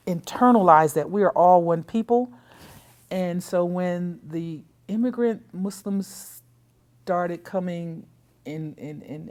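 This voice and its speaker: A woman's voice: low voice, a little mellow. An older woman giving an oral history interview, telling her story in a reflective way. She often repeats words and restarts phrases, and she acts out what other people said. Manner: reflective storytelling, quotes others in their own voices. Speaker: interviewee recounting community history.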